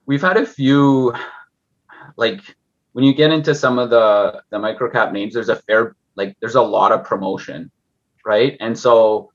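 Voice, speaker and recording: A man with a fairly low voice chats at length in a casual podcast conversation. He rambles, doubles back and fills every gap with "like". The sound is dull and lo-fi. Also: a bit bright. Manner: rambling, full of "like" and restarts. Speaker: guest investor.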